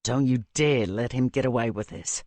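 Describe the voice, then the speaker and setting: A woman narrator lowering her voice to play an intense, protective rugby player in an audiobook. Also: normal speed, darkish tone, dry recording. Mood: firm. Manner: low, rough lowered voice. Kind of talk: audiobook character voice.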